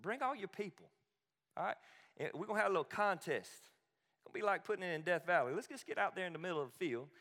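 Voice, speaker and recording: A swaggering male prophet with a Southern drawl, taunting his rivals in a voice pitched well above the performer's own as a preacher puts him on. The sound rings with the long reverb of a large hall. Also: animated, fast, fairly bright tone. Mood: cocky. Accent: American Southern. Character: cocky trash-talking adult male prophet.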